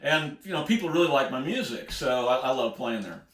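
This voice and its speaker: A man's voice: medium pitch, lively intonation, brisk, fairly bright tone. Folksy American man in an echoey room. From United States. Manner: folksy, rambling, chuckles often. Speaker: singer-songwriter telling road stories. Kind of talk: casual spoken storytelling.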